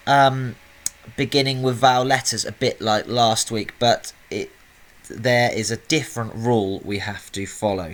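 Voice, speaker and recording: A man's voice: mid-range voice, fairly bright tone. Guy teaching kids spelling, patient, sounds out every syllable. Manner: patient, explaining step by step, sounding words out. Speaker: primary school teacher. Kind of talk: recorded spelling lesson for children.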